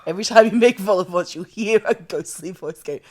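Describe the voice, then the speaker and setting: A woman from Australia co-hosting a casual chat podcast, making wry deadpan jokes and swearing now and then. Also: medium pitch, fairly quick. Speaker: podcast co-host.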